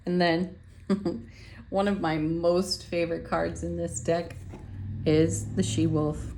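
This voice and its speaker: A woman giving a spiritual tarot card reading in a gentle, affirming way, laughing softly now and then. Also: deep voice, vocal fry.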